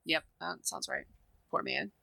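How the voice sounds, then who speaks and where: A woman guest on a podcast chatting casually as a film critic, tired but animated and gushing. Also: deep voice, a little slow, creaky, no echo. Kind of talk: casual chat.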